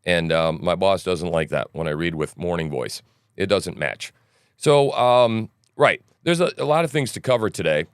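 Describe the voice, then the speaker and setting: A man's voice: low voice, animated, moderate pace, clean tone, no echo, studio quality. A male podcast host with a morning voice, rambling through casual livestream news commentary and tossing in "right?" asides and jokes.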